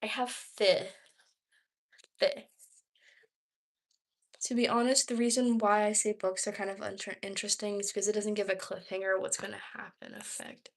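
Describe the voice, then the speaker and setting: Young woman from Georgia, chatty, rambling, livestream talk at home, lots of filler words, mid-pitched voice. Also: flat delivery, normal speed, vocal fry, pauses often. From Georgia, United States. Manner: rambling and chatty, heavy use of "like". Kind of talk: casual livestream chat answering viewer questions. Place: her home.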